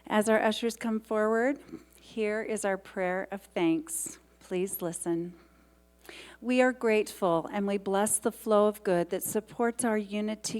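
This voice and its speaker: A woman's voice: mid-range voice, a little mellow. A woman reading the church announcements at a Sunday service, chatty and openly emotional, with a rambling way of talking. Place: church sanctuary.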